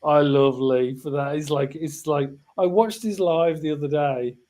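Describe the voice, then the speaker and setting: A man's voice: a little high, normal speed, warm tone. An Australian man co-hosting a casual livestream chat, rambling and repeating words, often laughing. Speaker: livestream co-host.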